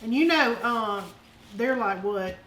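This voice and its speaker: A woman's voice: a little high, expressive, slow, a bit bright, roomy sound, a little hiss or hum. An older woman, hosting a casual home cooking show in a folksy, affectionate way. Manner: folksy, affectionate, calls viewers honey and y'all. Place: home kitchen.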